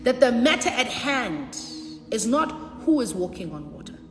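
A high-voiced woman preaches with fervor and repeats her key lines. Her voice rings through a hall with a long reverb, and soft music plays underneath. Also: sing-song, moderate pace. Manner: impassioned preaching with shouts and repetition. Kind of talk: sermon.

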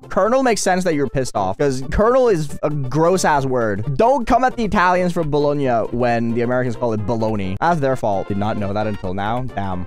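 Animated young man ranting over game music. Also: mid-range voice. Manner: rambling, profane, animated rants. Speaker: gaming streamer. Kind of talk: casual commentary while playing.

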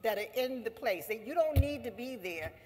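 A woman labor leader giving an impassioned assembly speech, emphatic and repetitive, rising to forceful exhortation. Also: on the high side, expressive, normal speed, slight background noise. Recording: long hall reverb.

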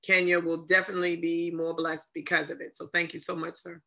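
Bright-voiced woman hosting a video-call ceremony. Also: fairly low pitch, flat delivery, brisk, gravelly. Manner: effusive, many fillers and thanks. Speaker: ceremony host.

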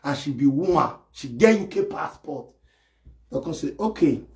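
A man doing a comic live-stream rant, excitable and mocking as he acts out imagined scenes. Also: fairly high pitch, moderate pace. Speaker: comedy live video host. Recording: echoey room.

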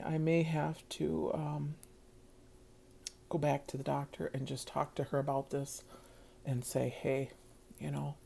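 Slow, low-voiced woman vlogger. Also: creaky, dark tone. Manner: earnest, rambling, heartfelt, many fillers. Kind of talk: casual personal vlog.

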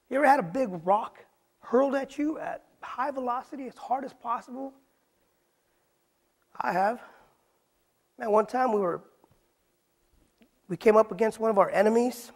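A man's voice: very high-pitched, slightly rough. A man preaching in a Bible study sermon, asking rhetorical questions and using casual street slang. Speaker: pastor.

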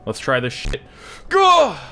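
A man commenting on a video game he is playing, excitable, joking and yelling at the game. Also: mid-range voice, unhurried, faint music behind. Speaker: gamer. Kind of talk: let's play commentary. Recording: game ambience and noise behind.

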